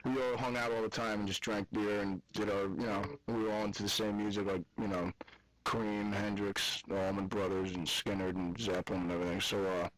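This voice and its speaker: A man's voice: on the low side, flat delivery, fairly quick, fairly bright tone, rough recording. Male guest musician, Southern US accent, loose and rambling, filler-heavy talk. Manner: loose, rambling, laid-back with lots of fillers. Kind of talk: casual on-air interview.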